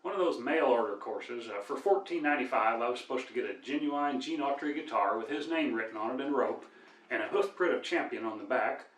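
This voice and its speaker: An older man with a Midwestern accent telling deadpan folksy jokes as a cowboy entertainer. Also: medium pitch, brisk. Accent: American Midwest. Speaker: storyteller and cowboy singer. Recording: echoey room, mic at a distance.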